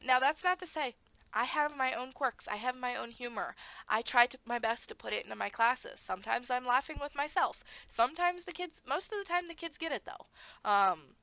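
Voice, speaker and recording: A woman's voice: on the high side, no room sound, poor audio. A woman who teaches English online, chatting casually about her classes with lots of fillers and playful sound effects. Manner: animated, acts out classroom moments with sound effects; frequent fillers, friendly and chatty. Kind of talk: casual advice vlog.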